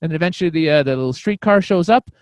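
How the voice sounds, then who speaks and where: A comedian on a podcast telling a story in a casual, rambling way, full of fillers and restarts. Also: male voice, fairly high pitch, lively intonation, racing, a little mellow, clean tone, no echo. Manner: acts out quoted voices.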